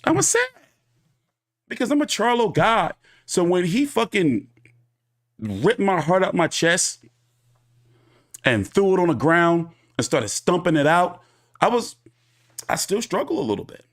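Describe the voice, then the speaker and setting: A man hosting a boxing commentary show, telling a story in a casual, profane monologue and acting out the people he quotes. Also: on the high side. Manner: animated, profane, acts out quoted people in his retelling.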